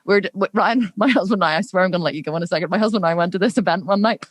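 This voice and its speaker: A woman with a Northern Irish accent hosting a podcast interview, telling stories in an animated, chatty way. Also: fairly low pitch, no room sound. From Northern Ireland. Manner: animated, rapid storyteller. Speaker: podcast host. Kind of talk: casual interview chat.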